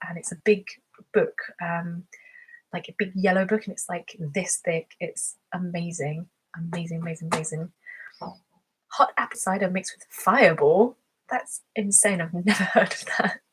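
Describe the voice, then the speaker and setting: A woman's voice: fairly low pitch, husky. Giggly woman hosting a live stream. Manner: chatty and giggly, laughs often. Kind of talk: casual live-stream chat, reading viewer comments.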